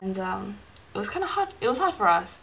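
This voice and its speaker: A woman's voice: mid-range voice, big pitch swings, brisk, creaky, a bit bright, a little hiss or hum, low-quality recording. A woman vlogging casually into her camera, rambling with many fillers and acting out remembered conversations. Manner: rambling, many fillers, acts out quoted dialogue. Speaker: Christian vlogger. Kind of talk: casual personal vlog.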